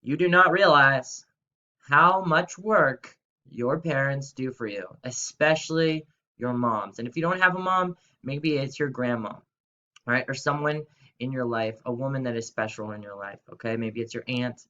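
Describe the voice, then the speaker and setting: An upbeat young man teaches schoolchildren in a video lesson and speaks directly to them in a friendly, chatty way. His voice sits at a middle pitch. The audio is a little dull and lo-fi. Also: moderate pace, sharp tone. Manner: upbeat, chatty, talks straight to kids. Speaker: third-grade teacher.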